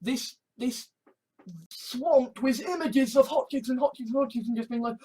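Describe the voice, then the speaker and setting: A woman's voice: sits high, normal speed, warm tone. A woman from England talking in a rambling, profane monologue full of restarts and swearing. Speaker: vlogger.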